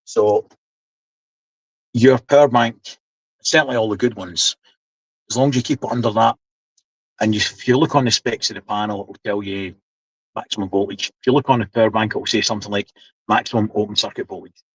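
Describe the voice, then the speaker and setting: A man's voice: on the low side, steady tone, brisk, pauses often, husky, no echo, rough recording. A man in his seventies with a Scottish accent, chatting casually on a live stream, explaining things while he reads the chat. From Scotland. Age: 70s. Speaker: livestream host.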